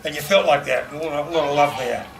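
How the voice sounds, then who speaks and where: A middle-aged man delivers a rambling memorial eulogy, full of fillers and laughing through anecdotes. His voice is a little high with vocal fry, and he talks fast. A distant mic picks him up along with background noise.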